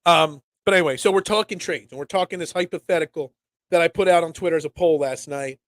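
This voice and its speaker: A young man hosting a casual solo sports talk show, rambling and animated with lots of restarts. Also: on the high side, quick pace, dry recording.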